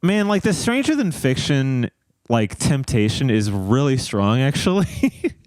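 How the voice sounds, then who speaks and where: A man's voice: mid-range voice, very animated, measured pace, darkish tone, dry recording. A man co-hosting a podcast, playful and teasing, rambling in casual chat. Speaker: podcast co-host.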